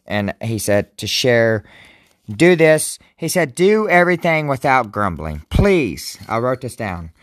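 A man's voice: mid-range voice, dry recording. A man casually reading Bible verses and commenting, rambling and joking, often stumbling over words. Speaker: devotional vlogger.

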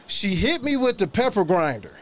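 Joking young man, slightly high voice. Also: sing-song, normal speed, a loud crowd. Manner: joking, boastful banter. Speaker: podcast co-host. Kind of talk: casual explicit chat.

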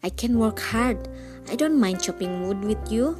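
A woman voicing a woodcutter's clever, cheerful young son, who speaks brightly and eagerly in a storybook reading. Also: mid-range voice, lively intonation, a little slow, music in the background, lightly acted.

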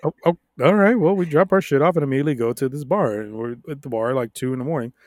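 A young adult man co-hosting a podcast, telling stories in a casual, profane, animated way with frequent laughs. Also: mid-range voice, fast, no echo, clean studio sound. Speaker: podcast co-host.

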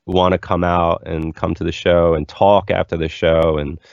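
Low gravelly dude rambling candidly about his band days, dull dry lo-fi sound. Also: level tone, normal speed, no echo. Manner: rambling, candid, lots of "like" fillers. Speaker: musician guest. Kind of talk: casual interview storytelling.

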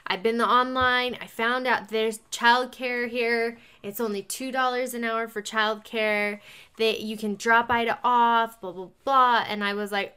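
A woman with a bright, somewhat high voice is telling a story in a relaxed, chatty way. She acts out the back-and-forth between herself and another person, keeping the dialogue lively. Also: measured pace, clean tone. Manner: animated, acts out both sides of a conversation. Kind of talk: casual chat.

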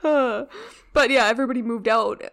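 A woman's voice: on the high side, fairly quick, fairly bright tone. A woman co-hosting a podcast in casual chat, laid-back, swearing and laughing easily. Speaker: podcast co-host.

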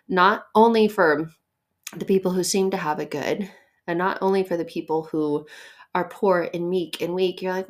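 A woman's voice: mid-range voice, a little fast. A woman hosting a faith podcast, giving an earnest, conversational devotional talk with light laughs and repeated phrases for emphasis.

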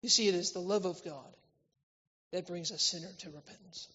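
A man preaching a church sermon, swinging between loud, emphatic lines and quiet, intimate ones. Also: high voice, moderate pace, slightly rough. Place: church hall. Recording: reverberant hall, slightly dull sound.

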